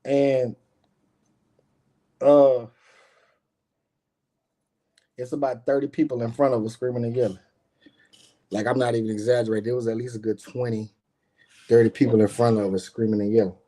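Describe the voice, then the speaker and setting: A man's voice: mid-range voice, a little fast, long pauses. Man telling a street story, worked up. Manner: animated, acts out quotes, frequent fillers and profanity. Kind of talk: casual storytelling.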